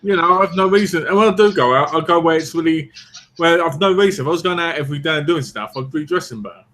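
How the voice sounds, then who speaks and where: A man's voice: on the high side, fast, a bit bright. A man from the East End of London, chatting casually as a podcast co-host and telling teasing, jokey stories. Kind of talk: casual chat.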